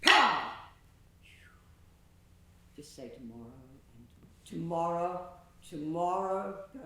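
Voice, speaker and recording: A woman theatre director coaching actors through a rehearsal, enthusiastic and calling out sharp commands. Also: expressive, takes it slowly. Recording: echoey room, faint rumble.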